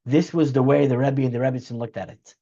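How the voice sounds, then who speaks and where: A man's voice: medium pitch, fairly even intonation, quick pace, dark tone, muffled recording. A man teaching as a rabbi, telling a story in an earnest way and acting out its dialogue. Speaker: rabbi teaching a weekly class. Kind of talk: storytelling lecture.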